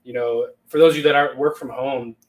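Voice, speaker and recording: A man's voice: medium pitch, fairly even intonation, quick pace, darkish tone. A man co-hosting a casual podcast, easygoing and agreeable, full of fillers. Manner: easygoing, affirming, many fillers. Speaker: podcast co-host. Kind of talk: casual livestream chat. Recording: distant from the mic.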